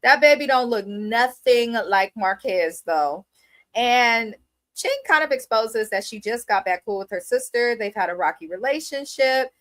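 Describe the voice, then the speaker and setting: A woman's voice: on the high side, expressive, measured pace, fairly bright tone. A woman giving blunt, opinionated, profane commentary while reviewing a reality TV episode. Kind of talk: casual commentary.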